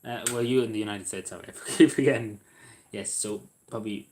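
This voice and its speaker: A man's voice: lowish voice, brisk, a little mellow. Rambling man streaming live. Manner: rambling, hesitant, many fillers and restarts. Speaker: livestream host. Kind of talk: casual livestream chat with viewers. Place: at home in a squeaky chair.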